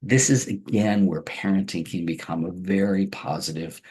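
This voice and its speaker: Male workshop trainer, deep husky voice, gentle warm lecturing manner. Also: fairly even intonation, normal speed. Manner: soft, warm delivery with frequent "right?" and "again".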